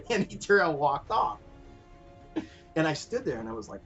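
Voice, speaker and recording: A man telling stories casually as a podcast guest, animated, acting out quoted voices and laughing often. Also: a little high, fairly quick, pauses often, dull audio, faint music behind. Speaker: guest, prop and costume maker. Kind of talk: casual storytelling in a podcast interview.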